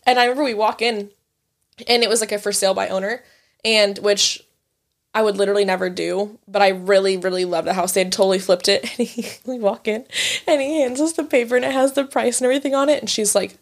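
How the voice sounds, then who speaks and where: A woman's voice: mid-range voice, fairly quick. Woman telling stories with gusto. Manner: animated storyteller, swears, acts out her family. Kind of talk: casual chat.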